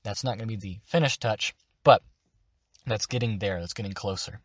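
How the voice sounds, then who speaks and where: A man hosting a tutorial, explaining how to do voices for a tabletop game in a slow, deliberate way. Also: fairly low pitch, no room sound, clean studio sound. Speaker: channel host teaching voice acting. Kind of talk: tutorial instruction.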